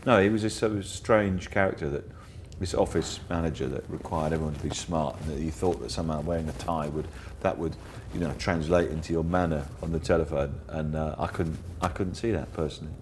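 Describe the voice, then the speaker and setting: A man being interviewed as a guest comedian, telling anecdotes in a lively way and mimicking other people's voices. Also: a bass voice, fairly quick, few pauses, slight background noise. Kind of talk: casual interview chat.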